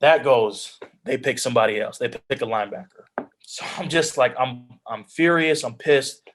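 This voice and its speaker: Speaking at normal speed in a medium, slightly bright voice, this young man is a pro football player guesting on a video call. He tells his personal story with earnest feeling, frequently restarting and saying "like." A little hiss or hum sits in the background.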